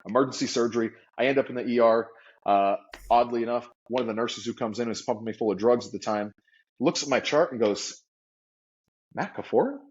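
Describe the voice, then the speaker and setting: A man telling a story as an interview guest, animated and vivid, acting out the people he quotes. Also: mid-range voice, fast talker, a little hiss or hum. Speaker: guest entrepreneur. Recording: slightly dull lo-fi audio.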